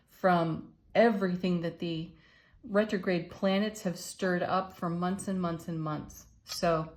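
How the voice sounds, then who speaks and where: A woman giving a relaxed spiritual tarot reading, encouraging and gentle, with soft laughs and murmured asides. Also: on the low side. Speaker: tarot card reader and channel host. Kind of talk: unscripted spiritual card reading.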